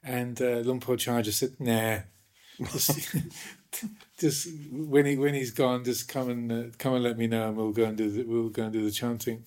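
A man, a Buddhist monk, telling stories in animated conversation with many restarts. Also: medium pitch, moderate pace. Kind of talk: conversational storytelling.

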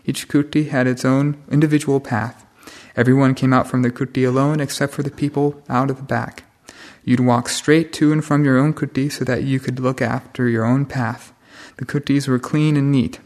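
A man's voice: medium pitch, little pitch movement, normal speed, a little mellow. A man, a senior monk, giving a stern, plain-spoken Dhamma talk to monks and novices.

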